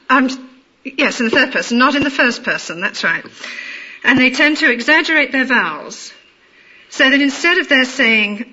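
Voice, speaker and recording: A woman with a middle-class London accent tells a personal anecdote in a measured, amused way. Her voice is fairly high and bright. The recording is dull and lo-fi. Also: breathy edge. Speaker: storyteller. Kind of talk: personal anecdote told aloud.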